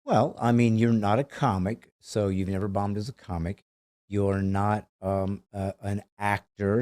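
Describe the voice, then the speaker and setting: A man's voice: on the low side, warm tone, no room sound. A man hosting a podcast in a studio, chatting casually with rambling, wry, self-mocking riffs. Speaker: podcast host. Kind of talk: casual chat.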